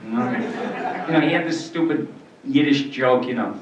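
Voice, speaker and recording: A man's voice: mid-range voice, normal speed, background noise. Panel guest, man, 60s, rambling storyteller, heard from across a roomy hall. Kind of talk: convention panel Q&A. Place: convention panel room. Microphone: filmed from the audience. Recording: distant, roomy, muffled hall recording.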